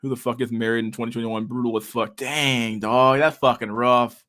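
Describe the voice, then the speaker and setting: A man talks loosely and profanely at a middle pitch. He reads messages aloud and laughs between remarks. His talk is laid-back and full of fillers. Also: level tone, moderate pace, a bit bright. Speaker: streamer reading chat. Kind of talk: casual chat.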